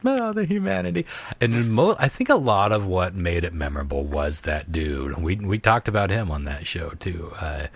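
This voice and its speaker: Animated, laughing man hosting a podcast. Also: low-pitched, normal speed, few pauses, breathy edge, no echo. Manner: laughs often, swears freely, animated. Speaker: podcast host. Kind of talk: casual podcast chat.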